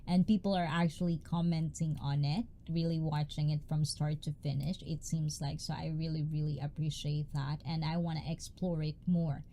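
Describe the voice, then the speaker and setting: A woman, hosting a casual livestream in a loud, bubbly, chatty way and greeting viewers by name. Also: level tone, moderate pace, hardly any pauses, slight background noise. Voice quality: high-pitched. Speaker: livestream host.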